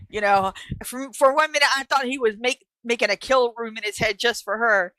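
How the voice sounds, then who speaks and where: A woman's voice: fairly high pitch, fairly quick, hardly any pauses, pushed and bright, dry recording, low-quality recording. A woman co-hosting a casual live stream chat from home, telling stories and swearing freely. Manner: chatty storyteller, swears freely. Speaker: co-host. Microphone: live stream call.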